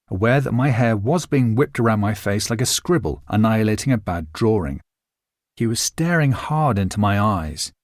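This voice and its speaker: A man reading a novel aloud as its narrator in a measured, expressive storytelling manner. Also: fairly low pitch, dry recording, clean studio sound. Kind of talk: scripted narration.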